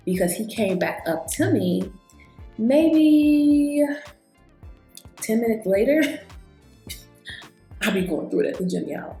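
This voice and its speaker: A woman's voice: medium pitch, a little slow, long pauses. Chatty woman vlogging in an echoey room. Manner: chatty, animated storyteller, talks straight to viewers. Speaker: beauty vlogger. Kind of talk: casual chat while doing makeup. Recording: echoey room with faint background music.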